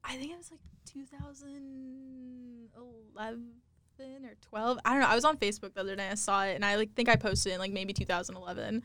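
A woman's voice: fairly high pitch, fairly even intonation, brisk, fairly bright tone, no echo. A young woman guest in a casual podcast interview, telling stories chattily with constant fillers, in a campus studio. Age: young adult.

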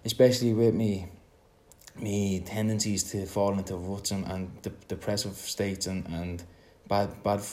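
Low, flat-voiced Irish man. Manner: halting, with repeated words and restarts. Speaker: son in a conversation. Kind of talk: reflective conversation.

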